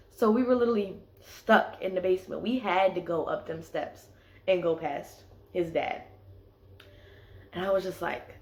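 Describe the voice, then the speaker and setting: A young woman casually telling a personal story, filling her sentences with "like". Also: medium pitch. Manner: chatty, leans on "like" as filler. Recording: echoey room.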